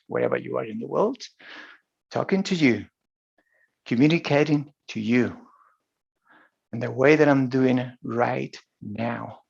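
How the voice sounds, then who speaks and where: A man's voice: mid-range voice, gravelly, darkish tone, breathy edge, highs cut off. A man from Spain with a Spanish accent, telling a personal story as a motivational coach. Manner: storytelling, with frequent restarts and laughs. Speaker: high performance coach. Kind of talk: motivational talk.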